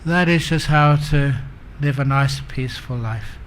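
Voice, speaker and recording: A man's voice: medium pitch, a little slow, a little hiss or hum. A man giving a Buddhist dharma talk, telling humorous stories and chuckling at his own jokes. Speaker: Buddhist monk teacher.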